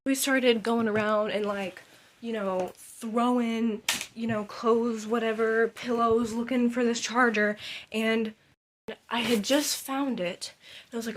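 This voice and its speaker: A young adult woman telling a story casually in an animated way, acting out the scenes and saying "like" often. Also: on the high side, unhurried, a little hiss or hum.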